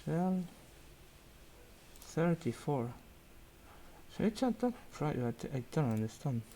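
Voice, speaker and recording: On a video call through his computer mic, a young man who organises a student investment society reviews the group's portfolio, thinking aloud with lots of fillers and restarts. His voice is fairly high, warm, and very animated, though he speaks slowly; there's slight background noise.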